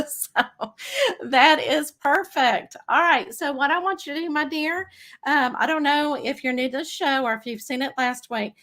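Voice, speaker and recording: A woman's voice: high voice, moderate pace, fairly bright tone. Bubbly Texan woman hosting a livestream. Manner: bubbly, chatty, laughs easily. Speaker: psychic medium livestream host. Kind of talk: casual livestream chat.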